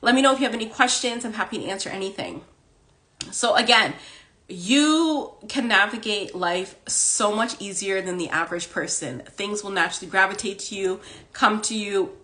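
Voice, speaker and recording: A woman's voice: mid-range voice, moderate pace, sharp tone. A woman hosting a casual spiritual livestream, chatty and full of "like" and "okay?", talking into a phone. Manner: chatty, fills speech with "like" and "okay?". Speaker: host.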